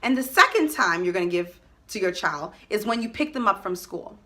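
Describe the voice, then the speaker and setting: A woman's voice: medium pitch, animated, moderate pace, fairly bright tone. A woman giving a motivational talk to parents, emphatic and direct, repeating her key points.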